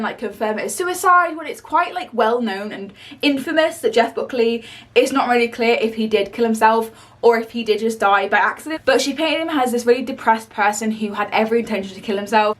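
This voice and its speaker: Woman book vlogger, quick, blunt, slightly high voice, recorded a little off-mic. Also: a bit bright, recorded from a distance. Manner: chatty, blunt and swears casually. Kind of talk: casual vlog chat.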